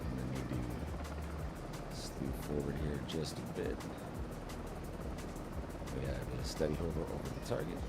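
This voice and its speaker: Over loud music, a man with a steady bass voice speaks unhurriedly, leaving long pauses. He hosts a flight sim channel, chatting casually with a co-pilot during a co-op session and enthusiastically explaining the missions.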